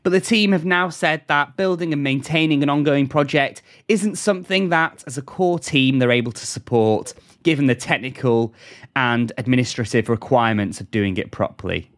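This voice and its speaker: A man's voice: medium pitch, normal speed. A man co-hosting a casual news podcast, reading stories and often breaking into giggles. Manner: keeps breaking into laughter. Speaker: podcast co-host.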